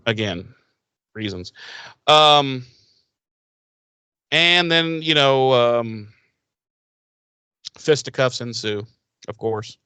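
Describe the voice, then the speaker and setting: Male podcast co-host, sarcastic and profane, mid-pitched, dry close mic. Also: pushed and bright, smooth, dry recording. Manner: sarcastic, profane, acts out characters in quick voices. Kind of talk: casual recap chat.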